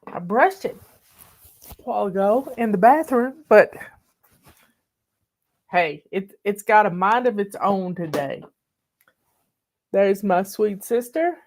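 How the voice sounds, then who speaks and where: A woman's voice: mid-range voice, expressive, slow, pauses often. A woman, hosting a casual live video chat in a folksy, emotional, drawling manner, teary at times. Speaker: host.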